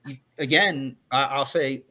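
A man's voice: medium pitch, steady tone, measured pace, pushed and bright. A man in his forties, a podcast co-host, talking candidly in casual chat and often restarting his sentences. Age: 40s.

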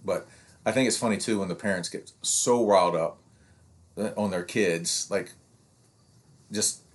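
A man's voice: sits low, a little slow. Rambling man in his fifties. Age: 50s. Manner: rambling, animated, acts out quoted parents. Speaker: youth sports coach and podcast co-host. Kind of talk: casual podcast chat.

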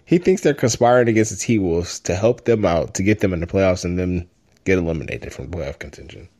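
A man co-hosting a sports podcast in casual chat, animated and joking with frequent laughs. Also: low-pitched, fairly quick. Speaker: podcast co-host.

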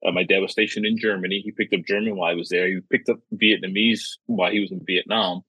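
American guy podcast host, husky low voice, laid-back storytelling. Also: flat delivery, fast talker, no room sound, lo-fi sound. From United States. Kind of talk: casual travel podcast chat.

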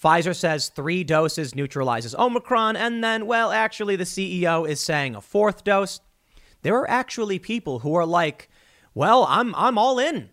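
A man hosting solo political commentary, talking in an animated, self-interrupting way. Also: sits high, moderate pace. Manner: animated, self-interrupting, mocking quoted voices.

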